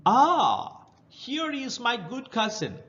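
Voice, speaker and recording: A man's voice: extremely high pitch, wildly swooping pitch, slow, fairly bright tone, lo-fi sound, voice pushed up, exaggerated voice. A man voicing a sly male monster crab from a children's storybook, who sounds pleasant while meaning harm. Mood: pleased.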